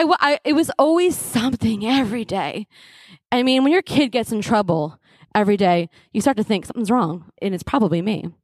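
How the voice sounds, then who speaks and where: Woman speaker, funny mom stories, lively, self-deprecating; dry, close sound. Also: mid-range voice, no echo. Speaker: conference speaker for mothers. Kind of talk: humorous personal storytelling talk.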